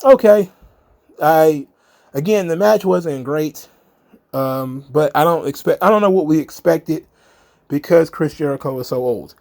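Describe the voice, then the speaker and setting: A man's voice: fairly high pitch, measured pace, darkish tone. Blunt, sarcastic man recapping wrestling. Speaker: wrestling show reviewer. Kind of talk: casual recap commentary.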